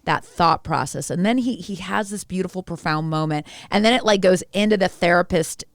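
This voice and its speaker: Casual podcast co-host: woman, on the low side for a woman, dry close sound, gushing and animated. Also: brisk, no room sound. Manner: animated, gushing, swears playfully.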